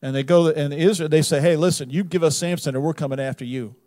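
A man preaching a sermon, retelling a Bible story with wry humor and big swings between loud emphasis and quiet asides. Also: fairly high pitch, steady tone, quick pace. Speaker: pastor.

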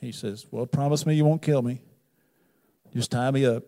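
A man preaching a sermon, retelling a Bible story with wry humor and big swings between loud emphasis and quiet asides. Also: mid-range voice, fairly even intonation, normal speed. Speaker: pastor.

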